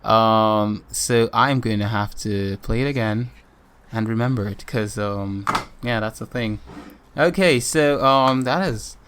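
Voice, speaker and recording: A man's voice: on the low side, unhurried, fairly bright tone, slight background noise. A man co-hosting a casual gaming podcast, chatting in a rambling way with lots of ums. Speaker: podcast co-host.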